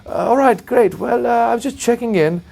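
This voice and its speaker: A genial, courteous king with a light British accent, as a man puts him on in a story, pitched well above a plain speaking voice. He sounds breezy and unhurried. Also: creaky, a little mellow, full character voice.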